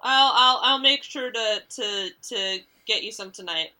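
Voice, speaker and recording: A woman playing a tabletop role-playing game in character, talking in an animated, chatty way. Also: a little high, measured pace. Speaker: player.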